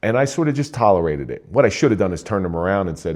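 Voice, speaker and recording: Older man, retired police officer, from New Jersey, deep voice, warm dark tone, somber storytelling. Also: sing-song, quick pace. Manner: plain-spoken, somber, with restarts. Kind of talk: personal storytelling.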